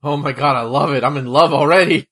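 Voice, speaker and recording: Excitable bright-voiced man. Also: on the high side, fast. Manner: excitable, joking, loud exclamations and laughter. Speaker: co-commentator watching old wrestling. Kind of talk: casual chat.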